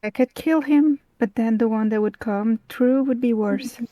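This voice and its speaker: A woman playing an elf character in a tabletop game, answering in a slow, low-key way. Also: warm tone, no echo. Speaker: player voicing an elf character.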